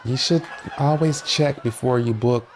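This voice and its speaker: A man's voice: mid-range voice, measured pace, noisy background, voice pushed up, close to an everyday voice. A man voicing a young woman working a hotel front desk who explains things in a matter-of-fact way.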